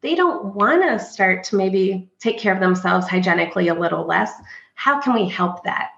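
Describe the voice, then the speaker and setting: A woman's voice: medium pitch, lively intonation, moderate pace, creaky, fairly bright tone. Earnest woman nurse in an echoey room. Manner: earnest, anecdotal, acts out patients' thoughts. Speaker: hospice nurse liaison. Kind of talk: explanatory podcast talk. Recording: echoey room, slightly dull sound.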